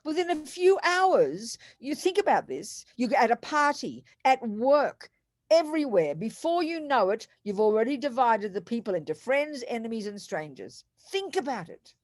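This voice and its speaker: A woman with an Australian accent, giving a Buddhist teaching in an animated, emphatic way with storytelling asides. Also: fairly high pitch, moderate pace, no echo, clean studio sound.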